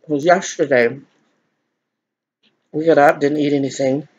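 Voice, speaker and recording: Middle aged guy doing a mukbang, rambly and chatty, kinda high voice, dull lo-fi audio. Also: steady tone, a little slow, a little mellow, breathy edge. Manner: rambling, chatty, laughs often, addresses viewers as y'all. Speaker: vlogger. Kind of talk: mukbang chat, eating on camera.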